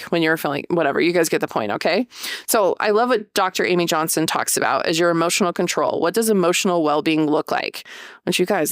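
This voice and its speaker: A woman in her thirties hosting a casual solo podcast, chatty and animated, acting out little quoted voices. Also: lowish voice, clean tone, no room sound, studio quality. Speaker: podcast host.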